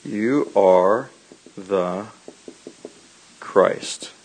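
A man preaching a sermon, telling animated stories, laughing briefly and repeating his key lines. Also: on the low side, very slow, slightly rough, rough recording.

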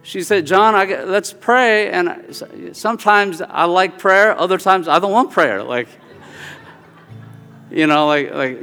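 A man's voice: takes it slowly, long pauses, clear, resonant tone. Man preaching in a reverberant hall. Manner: storytelling, animated with swings of pitch and volume. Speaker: pastor. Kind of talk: sermon with personal story. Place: church sanctuary. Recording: hall reverb with soft guitar music.

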